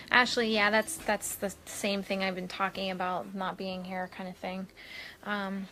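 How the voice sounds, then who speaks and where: Chatty woman host, mid-pitched, rambling live-stream talk, faint room noise. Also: flat delivery, measured pace, sharp tone. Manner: chatty, rambling, with frequent fillers and laughter. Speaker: spiritual medium host. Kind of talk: casual live-stream chat. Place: home, Maui.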